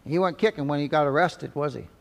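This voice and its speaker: A pastor preaching a dramatic sermon, swinging between loud exclamations and soft asides. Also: male voice, a little high, quick pace, gravelly. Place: church sanctuary. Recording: long church reverb.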